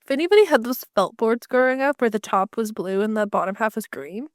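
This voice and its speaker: Woman, higher smooth voice, dry close mic; lively, filler-heavy podcast co-host. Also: fairly quick, no room sound. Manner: animated, filler-heavy, jumps in with examples. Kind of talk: casual chat.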